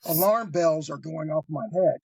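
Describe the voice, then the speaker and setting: A man telling a crime story on a podcast, animated and swearing freely, acting out the other voices as he goes. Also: a little high, normal speed, vocal fry, no room sound. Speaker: guest storyteller.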